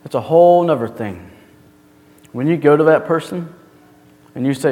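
A man's voice: a little high, moderate pace, long pauses, warm tone. A male pastor delivering a sermon in a church, earnest and full of rhetorical questions. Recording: long hall reverb.

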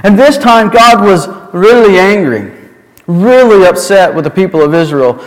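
A male preacher delivering a sermon and retelling scripture in an emphatic storytelling manner. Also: sits high. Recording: long hall reverb.

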